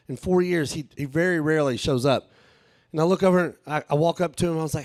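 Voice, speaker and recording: A man, telling a profane, animated stand-up story at a live show. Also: fairly high pitch, brisk, long pauses, no echo. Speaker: stand-up comedian. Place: live show with a small audience.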